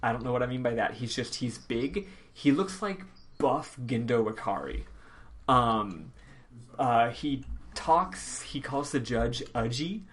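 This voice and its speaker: A man hosting a podcast, recapping a game in casual chat, rambling with lots of ums and quick laughs. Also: medium pitch, very animated, a bit bright. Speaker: podcast host.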